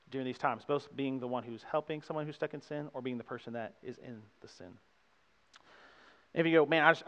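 A man's voice: fairly high pitch, a bit bright. A young male pastor gives a casual, conversational sermon, throwing in frequent asides to the congregation. His voice has a long hall reverb from a church sanctuary. The recording sounds muffled and dull.

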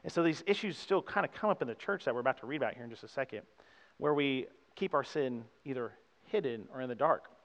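A man's voice: mid-range voice, expressive, fast talker. A young man preaching a sermon in a conversational way, often checking in with the congregation. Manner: conversational preaching with frequent "right?" asides. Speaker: pastor. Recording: dull sound with long hall reverb.

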